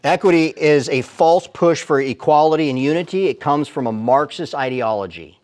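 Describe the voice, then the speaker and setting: A man's voice: a little high, normal speed, a little mellow. A man speaking as a Christian apologist, giving an emphatic live teaching talk in a church with rhetorical questions. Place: church sanctuary, before a live audience.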